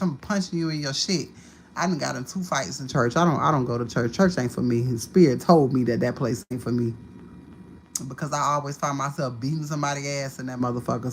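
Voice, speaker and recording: Woman, livestream host, profane storytelling, faint background hiss. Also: sits low. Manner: profane, animated storytelling with sudden loud outbursts. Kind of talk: casual livestream monologue.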